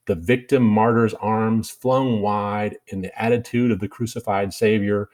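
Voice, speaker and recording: A man's voice: on the low side, darkish tone. A man with a Kentucky drawl giving a casual art lesson over slides, rambling with many fillers and restarts. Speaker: art teacher.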